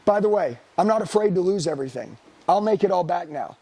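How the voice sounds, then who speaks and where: A man's voice: high voice, animated, a little fast, gravelly, dark tone, husky, no echo. A middle-aged man giving a blunt, profane motivational sales talk, firing questions at his trainees. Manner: blunt, swearing, hammering questions at the room.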